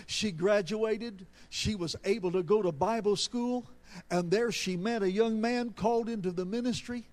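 Slow, high-voiced emphatic male preacher. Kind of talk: sermon.

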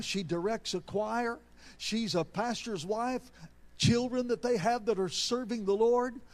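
A man preaching a sermon, telling a story with slow, emphatic delivery that rises into bursts. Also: high voice, a little mellow.

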